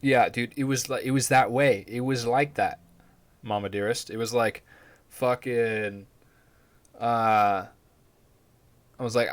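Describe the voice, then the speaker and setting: A man's voice: mid-range voice, steady tone, slow pace, long pauses. A man hosting a podcast, talking casually in a rambling, profane, laid-back way. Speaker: podcast host. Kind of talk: casual chat.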